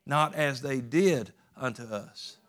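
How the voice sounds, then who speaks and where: A man's voice: medium pitch, takes it slowly, fairly bright tone. A man preaching a sermon in a folksy, emphatic way, with plain rural grammar.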